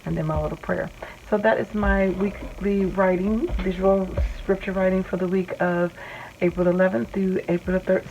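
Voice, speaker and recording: A woman with a lowish, gravelly voice talks through her faith journal in a casual vlog. She reads each verse aloud and then points out the small drawings she made for it. The recording sounds dull and lo-fi. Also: darkish tone, slight background noise. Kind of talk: casual show-and-tell vlog narration.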